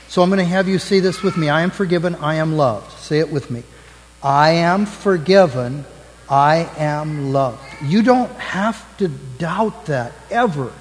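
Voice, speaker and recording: A man as pastor giving the children's message in church, gently asking the kids questions. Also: high-pitched, in a large hall, low-quality recording. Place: church sanctuary.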